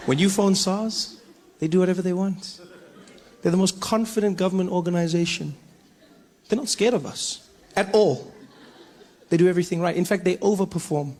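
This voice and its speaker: Animated South African man, stand-up. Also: high-pitched, normal speed, pauses often, a little hiss or hum. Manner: animated, playful storytelling. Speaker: stand-up comedian. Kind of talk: stand-up comedy. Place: comedy stage.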